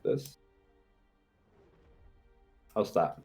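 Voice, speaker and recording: A man's voice: very slow, mellow, soft background music. Game-master man narrating a fantasy game. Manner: descriptive, thinks aloud with fillers and restarts; clears his throat between lines.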